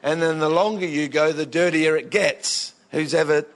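Australian preacher with a high voice, working the congregation with lively comic stories. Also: male voice, normal speed. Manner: animated, jokey, swings into bursts of excitement. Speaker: pastor. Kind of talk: humorous storytelling sermon.

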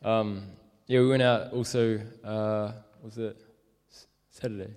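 A man's voice: lowish voice, fairly even intonation, measured pace, darkish tone, smooth. Rambling young man in echoey hall. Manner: rambling, many fillers and likes. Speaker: street evangelist. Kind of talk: casual storytelling.

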